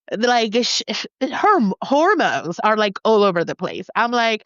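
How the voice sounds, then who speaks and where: A woman author being interviewed in a casual chat, talking in an animated, confident way and laughing often. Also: mid-range voice, a little slow, hardly any pauses, dry recording. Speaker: author guest. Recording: dull lo-fi dry sound.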